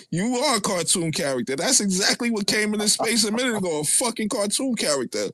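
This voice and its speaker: A man's voice: high voice, big pitch swings, brisk, a bit bright, dry recording, studio quality. A man with a Brooklyn accent trash-talking a rival on a live audio chat in a taunting, profane, mocking way. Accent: Brooklyn New York.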